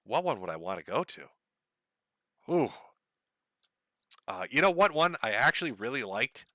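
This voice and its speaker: A man's voice: mid-range voice, big pitch swings, moderate pace, pushed and bright, no echo. A man hosting a casual livestream, rambling and swearing and laughing often. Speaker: livestream host.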